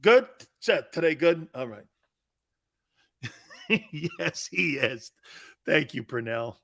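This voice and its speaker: A man's voice: on the high side, takes it slowly, creaky. A man in his fifties hosting a casual sports live stream, bantering and reading viewer chat aloud. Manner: animated, bantering, often laughing. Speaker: sports show host.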